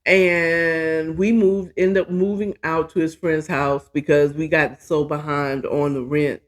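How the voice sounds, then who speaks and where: A woman's voice: low-pitched, steady tone, unhurried. A woman hosting her own show, telling a personal story in a casual, candid and profane monologue, often poking fun at herself. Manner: candid, profane, chatty and self-mocking. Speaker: podcast host.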